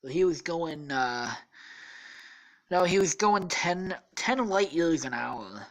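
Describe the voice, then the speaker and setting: Tired woman, low voice, rambling made-up story, lots of swearing, podcast host. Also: lively intonation, takes it slowly, low-quality recording. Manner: rambling, profane, self-correcting. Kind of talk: improvised storytelling.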